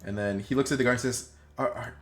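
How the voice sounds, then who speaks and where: A man's voice: mid-range voice, racing, soft background music. A man narrating as game master of a tabletop game, rambling with many fillers and restarts.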